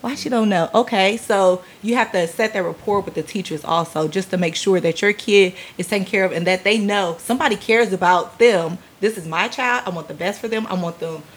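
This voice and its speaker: A woman in her forties, a parent, chatting openly about raising her kids and slipping into quick voices of the people she quotes. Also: medium pitch, slightly rough. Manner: open, conversational, acts out quoted voices. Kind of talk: casual panel chat.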